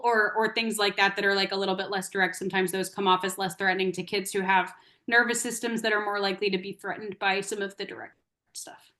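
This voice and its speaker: A woman's voice: mid-range voice, level tone, fast talker, bright, forceful tone. A woman occupational therapist answering questions in an online workshop, explaining with everyday examples over a video call.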